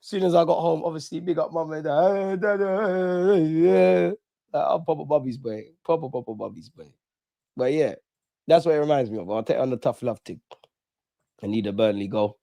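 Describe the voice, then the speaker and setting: A man's voice: medium pitch, brisk, warm tone, no room sound. A young man, chatting casually and animatedly on a live fan stream, full of slang. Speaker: fan channel host.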